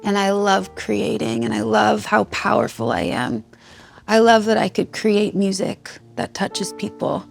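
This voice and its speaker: A woman's voice: mid-range voice, gravelly. A woman in her thirties, a musician, candidly telling a raw personal story, heartfelt and swearing freely. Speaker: guest musician.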